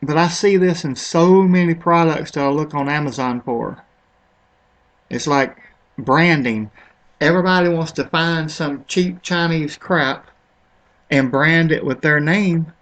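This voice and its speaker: Over a screen recording comparing products, this man rambles casually in a fairly high, slightly bright voice. His pace is slow and full of pauses, and he stumbles over the pronunciation of some words along the way.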